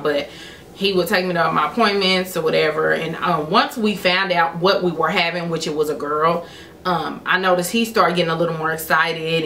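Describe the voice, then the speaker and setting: A woman's voice: lowish voice, pushed and bright, echoey room, slight background noise. A woman vlogger telling a personal story to her viewers in a candid, chatty way. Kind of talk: storytime vlog.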